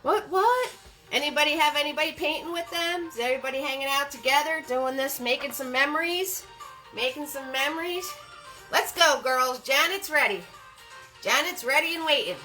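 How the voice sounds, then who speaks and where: A woman's voice: sits high, brisk, bright, forceful tone, soft background music, poor audio. A woman hosting a live-streamed painting class, upbeat and greeting viewers by name as they join.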